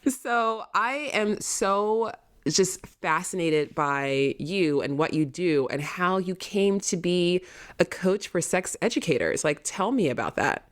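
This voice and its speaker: Low-pitched woman host, chatty and laughy, casual podcast talk. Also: animated, slow. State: tired from poor sleep. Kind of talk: casual interview chat.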